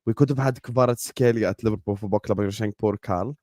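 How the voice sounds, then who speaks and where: A man's voice: fairly low pitch, quick pace, dry recording, clean studio sound. A man hosting a football watchalong, talking in casual, emphatic, joking banter with his co-host. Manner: animated, emphatic, laughing banter. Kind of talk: casual chat.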